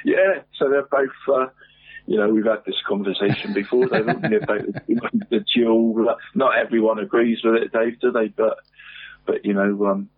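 A man's voice: lowish voice, fairly even intonation, moderate pace, breathy edge, no echo. A man presenting local football results in casual radio chat, saying "mate" after nearly every phrase. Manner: says "mate" constantly, chatty and rambling. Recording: phone-like radio line.

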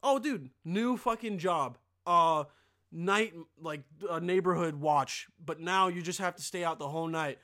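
Young dude ranting on his podcast, high bright voice, swears a ton, rambles all over and yells out bits. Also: a little slow. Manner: rambling, profane, full of filler; animated, bursts into yelled impressions. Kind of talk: casual comedic rant.

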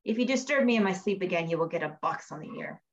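A woman's voice: fairly low pitch, expressive, fast talker, lightly acted. A woman reading as a grumpy male devil. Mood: gruff. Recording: dull lo-fi recording.

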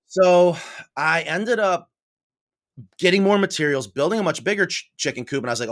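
A middle-aged man from New York State, a podcast guest telling stories in a casual, animated way and acting out the voices he quotes. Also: fairly high pitch, moderate pace. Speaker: podcast guest, coop builder. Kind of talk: casual storytelling interview.

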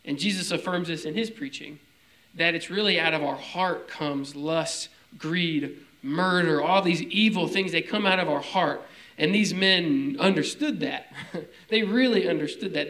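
A man's voice: a little high, sharp tone, poor audio. A young man preaching a casual teaching sermon, talking conversationally and often checking in with his listeners. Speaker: pastor.

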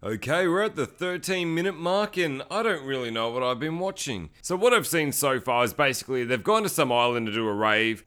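A man's voice: mid-range voice, bright, forceful tone, clean tone. A man hosting a casual movie podcast, rambling through a chatty recap with lots of fillers. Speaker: podcast host.

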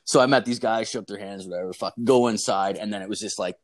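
Young man, low-ish voice, loose profane storyteller, heavy filler words. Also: quick pace. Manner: rambling, profane, lots of "like" and "dude". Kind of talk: casual storytelling.

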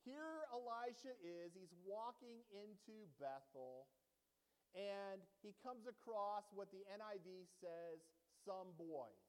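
A male pastor preaching a sermon to a congregation in a church, animated and joking, often checking in with the audience. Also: high-pitched, takes it slowly, smooth, in a large hall.

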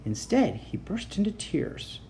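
A woman reading a children's chapter book aloud in an expressive, animated way. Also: medium pitch, measured pace, a little hiss or hum. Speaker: reader.

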